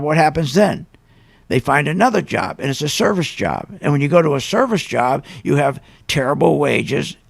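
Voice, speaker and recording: A man hosting talk radio with a gravelly, fairly high voice. He rants with indignant emphasis and fires off rhetorical questions. His delivery is forceful and exasperated. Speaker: radio show host.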